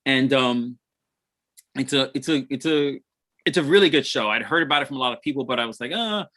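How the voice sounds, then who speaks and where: Bright tense-sounding guy, casual rambling chat, laughs a lot. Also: medium pitch, brisk. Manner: rambling, restarts, laughs often.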